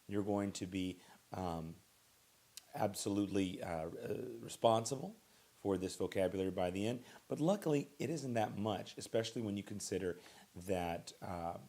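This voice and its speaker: A man with a low voice teaching a recorded lesson, calm and easygoing. He says each new word twice and leans on the stressed syllable. He talks in a loose, conversational way with small fillers and restarts. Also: normal speed. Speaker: Russian language teacher. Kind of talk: recorded classroom vocabulary lesson.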